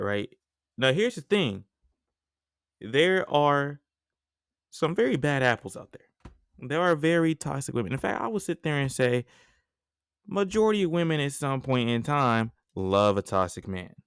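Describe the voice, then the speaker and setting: Young guy ranting on his podcast, slangy, lively, smooth voice, dry close mic. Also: a little high, normal speed, dry recording. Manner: animated, slangy storytelling with frequent asides. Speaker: podcast host. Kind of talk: casual podcast monologue.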